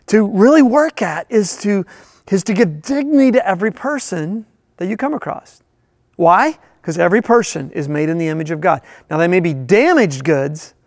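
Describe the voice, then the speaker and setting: Male pastor, sermon, high gravelly voice, dry close sound, emphatic. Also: no echo. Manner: emphatic, shifting pace, rhetorical questions. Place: church.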